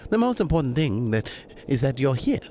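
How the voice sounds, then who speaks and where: A man's voice: medium pitch, sing-song, brisk, mellow, slight background noise, pitched above the performer's own voice, lightly acted. A man reading aloud and voicing an eager, beaming female neighbor who talks in an overly friendly way. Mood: gushing.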